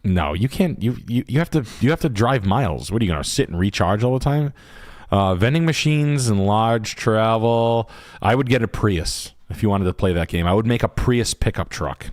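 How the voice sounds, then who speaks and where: A man's voice: on the low side, lively intonation, normal speed, a little mellow, no room sound, studio quality. A man hosting a livestream, giving blunt, crude advice and swearing freely in casual chat. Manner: crude, joking, swears a lot. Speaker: host.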